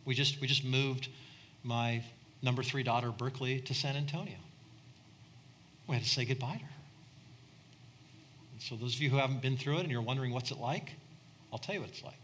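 A man's voice: medium pitch, fairly quick, long pauses, a bit bright, slight background noise. A middle-aged man preaching a conversational sermon, repeating words and building to impassioned peaks. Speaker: pastor.

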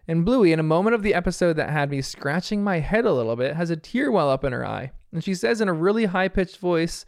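A man's voice: on the high side, brisk, clear, resonant tone, no room sound, clean studio sound. A man casually recapping a cartoon episode scene by scene, chatty and often laughing. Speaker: TV episode reviewer.

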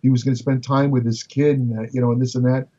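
A man's voice: medium pitch, flat delivery, fast, dark tone. Older New man telling stories, muffled and distant. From Brooklyn, New York. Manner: chatty, repeats words, frequent fillers and restarts. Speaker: bodybuilding writer and guest. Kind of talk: casual anecdotal storytelling.

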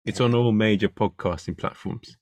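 A man's voice: fairly low pitch, moderate pace, darkish tone, no echo. A man who is a comedian, a guest on a podcast, speaking hesitantly and searching for words as he thinks aloud. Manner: hesitant, many fillers and restarts while thinking. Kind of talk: casual interview chat.

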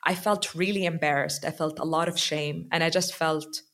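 A young adult woman telling a personal story in a casual chat, animated and acting out the quotes. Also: moderate pace. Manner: animated, acts out quotes with rising pitch. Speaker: podcast guest.

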